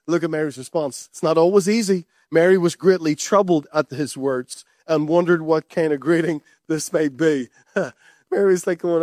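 A man's voice: fairly high pitch, moderate pace, darkish tone, no room sound, studio quality. A man preaching a sermon in an emphatic, conversational way, repeating key phrases. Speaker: pastor.

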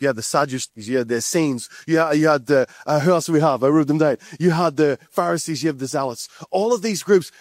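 A man's voice: a little high, no echo, clean studio sound. A man preaching a sermon to his church in a fervent, conversational way, often restarting phrases and calling out to the congregation. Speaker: pastor.

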